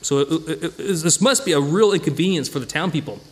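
A man leading an informal Bible study, talking conversationally with lively acted-out asides and frequent restarts. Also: fairly high pitch, brisk. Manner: conversational, animated, acts out quoted voices, many restarts.

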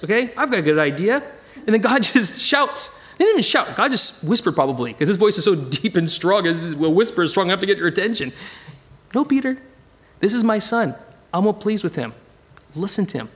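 A man teaching a casual Bible study, animated and digressive, chuckling as he goes. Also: a little high.

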